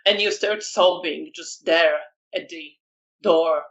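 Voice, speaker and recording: Slow-paced tabletop storyteller. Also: medium pitch, a bit bright, muffled recording. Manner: slow, descriptive narration with fillers. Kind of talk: narrating a tabletop role-playing game.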